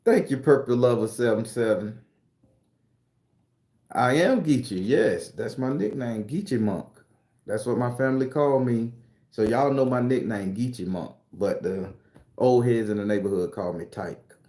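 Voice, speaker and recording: A middle-aged man from South Carolina, casually telling stories and answering viewer comments on a livestream in a loud, profane, laughing way. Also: mid-range voice, measured pace. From South Carolina, USA. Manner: animated, profane, laughing storyteller. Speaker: YouTube tarot reader and storyteller. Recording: roomy echo.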